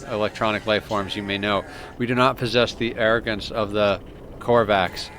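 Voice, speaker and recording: Brief: stiff, formal alien machine creature for a game, low and steady, voiced by a man. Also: natural voice. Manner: reads game dialogue aloud, stiff and deliberate.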